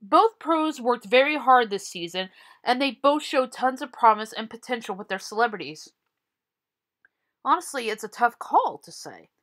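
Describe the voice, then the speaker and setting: Woman vlogger, solo TV commentary; lively, bright tone, blunt and profane. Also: high-pitched. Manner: blunt, opinionated, swears freely.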